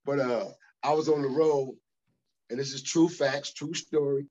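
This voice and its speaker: A man's voice: mid-range voice, unhurried, dull audio. Emphatic, profane man telling stories. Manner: profane, emphatic, animated storytelling. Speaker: guest. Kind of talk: casual storytelling interview.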